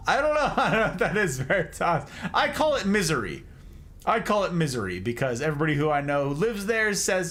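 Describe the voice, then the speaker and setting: Male streamer, playful teasing, bouncy high voice, laughs often, desk mic. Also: sing-song, a little fast, fairly bright tone. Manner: playful, teasing, joking mispronunciations. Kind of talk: casual livestream chat with viewers.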